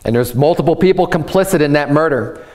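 A man's voice: fairly high pitch, expressive, quick pace, darkish tone. A man preaching a sermon as pastor, impassioned and stumbling into restarts and repeated words as he presses his point. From United States.

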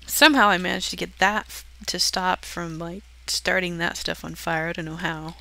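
A young woman chats her way through a game build, giggling and poking fun at herself as she goes. Her voice is bright and a little tense, with a gravelly fry that creeps in at the ends of her phrases. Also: fairly low pitch, moderate pace. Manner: giggly, self-deprecating, chatty. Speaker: channel host touring her build. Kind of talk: casual game walkthrough commentary.

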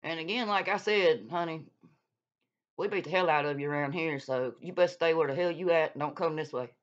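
A woman's voice: deep voice, brisk. A woman, ranting on her channel in a blunt, profane, scolding way. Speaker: YouTube vlogger calling out another creator. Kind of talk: heated casual rant. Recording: dull lo-fi sound.

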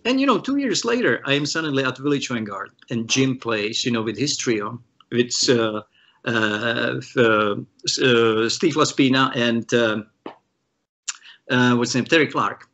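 A man from the Czech Republic, a guest guitarist, telling animated stories in an interview and acting out the voices of the people he quotes, with many restarts. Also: medium pitch, a little slow, muffled recording. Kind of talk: storytelling in an interview.

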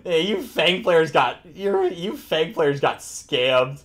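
A young man streaming a reaction to a game trailer, loud and swearing with hyped outbursts. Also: a little high, lively intonation, slow. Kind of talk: excited reaction commentary.

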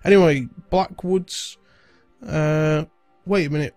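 A man's voice: a little high, a little slow, darkish tone, no room sound, faint music behind. Stuffy-nosed man doing game commentary. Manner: chatty, rambling, British-sounding slang. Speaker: gaming video host. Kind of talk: casual let's-play commentary.

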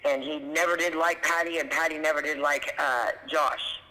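A man calmly recounting something he witnessed, in a plain, matter-of-fact way. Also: fairly high pitch, normal speed, big-room sound, low-quality recording. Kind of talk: recounting a past event.

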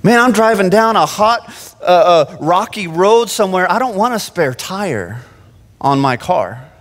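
Male pastor, high pitch, animated sermon delivery, echoing sanctuary. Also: a little slow. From Phoenix. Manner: animated preaching with frequent restarts. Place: church sanctuary. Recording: long church-hall reverb.

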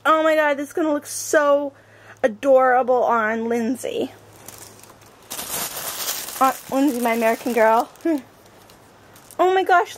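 A woman's voice: high-pitched, a little hiss or hum. A woman vlogger opening presents on camera and gushing over each one with repeated exclamations. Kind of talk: casual unboxing chat.

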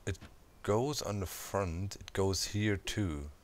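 A man hosting a gameplay channel, chatting casually and thinking out loud as he plays, throwing in little sound effects. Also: low voice, slow, slight background noise. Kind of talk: casual let's-play commentary.

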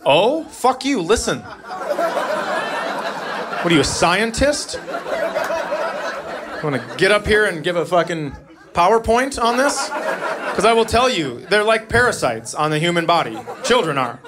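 A man's voice: sits high, sing-song, unhurried, long pauses, very noisy. Brash profane stand-up man, crowd laughing. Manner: brash, profane, mock-exasperated. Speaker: stand-up comedian. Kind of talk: stand-up comedy set. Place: comedy club stage. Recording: live club recording with crowd laughter. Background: audience laughter.

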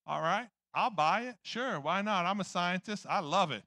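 Pastor guy preaching, bright punchy voice, jokey storyteller, dry close sound. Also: high voice, normal speed, no room sound. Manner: animated, jokey storyteller acting out his own past lines. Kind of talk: sermon with personal storytelling.

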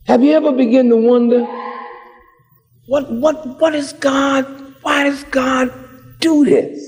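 Slow, high-voiced preaching man. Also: fairly even intonation. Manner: dramatic preaching, rising to shouts. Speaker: minister. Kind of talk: sermon. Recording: long hall reverb.

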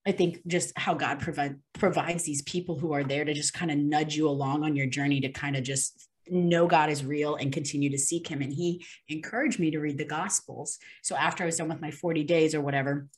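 A young woman with a notably low-pitched voice recounts a personal story as an interview guest. She talks in an earnest, unpolished way, full of ums, likes and restarts. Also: steady tone, a little fast. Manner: earnest, with many fillers and restarts.

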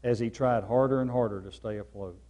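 A man preaching a sermon as pastor, repeating key phrases and swinging between loud, emphatic lines and soft, low ones. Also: brisk.

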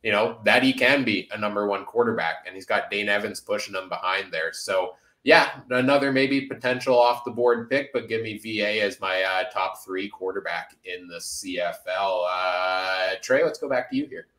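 A man's voice: lowish voice, moderate pace, hardly any pauses, fairly bright tone, echoey room. A man hosting a casual sports podcast, upbeat and full of filler uhs. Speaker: podcast host.

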